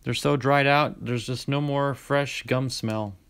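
A man hosting a casual card-opening video, reading out player names in a chatty way, with sudden bursts of excitement. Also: medium pitch, unhurried, vocal fry, slight background noise. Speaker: card-collecting channel host.

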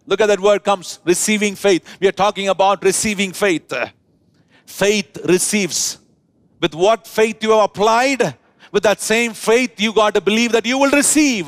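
A man preaches a sermon in a church. His voice sits high and his delivery is slow and deliberate, drawing out words for emphasis. The sound is dry and close. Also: expressive, no room sound. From India. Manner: preaching with drawn-out emphasis and call-and-response. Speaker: pastor.

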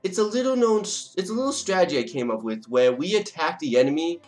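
A man's voice: on the high side, animated, a little fast, darkish tone. A young man casually commenting on his strategy game as he plays, joking and talking to the nations on screen. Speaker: let's play gamer. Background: faint game music.

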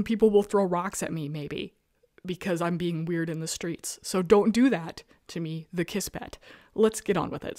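A woman hosting a casual talk show, chatting about comics in an animated, self-mocking way and laughing often. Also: fairly low pitch, no echo, clean studio sound. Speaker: podcast host reviewing webcomics. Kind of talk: casual chat. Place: rural home.

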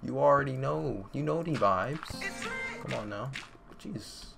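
A young man giving casual, excitable gameplay commentary at home, full of slang, talking to himself and his viewers. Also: mid-range voice, unhurried, gravelly, over music. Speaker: gaming YouTuber. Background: computer fan noise and keyboard clicks.

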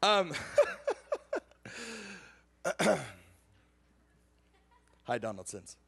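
A young adult man preaching a sermon, telling a personal story with emotional swings from excited to hushed. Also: mid-range voice, extremely slow.

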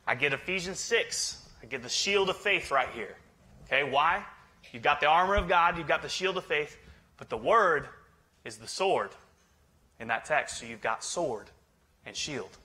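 A man's voice: a little high, lively intonation, normal speed, bright, forceful tone. A male pastor preaching a sermon in a joking, conversational way, teasing his congregation. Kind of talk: humorous sermon.

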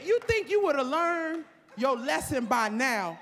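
A woman doing stand-up comedy on a club stage, loud and profane, shouting her punchlines at the audience. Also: high-pitched, big pitch swings, takes it slowly, in a large hall, noisy background. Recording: live club, audience laughter.

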